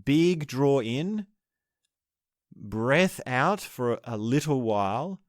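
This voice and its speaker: A man teaching breathing techniques in a slow, measured way, explaining each step and pausing to restart his phrases. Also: medium pitch, animated, no echo, clean studio sound. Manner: explains step by step, demonstrating laughter breathing aloud. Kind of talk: spoken lesson on breathing techniques.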